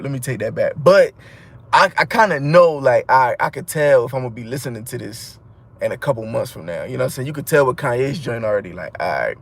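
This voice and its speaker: A man's voice: medium pitch, vocal fry, a bit bright. Slangy rambling man reviewing albums. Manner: rambling, slangy, frequent restarts and fillers. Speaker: music reviewer. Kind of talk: casual album review monologue.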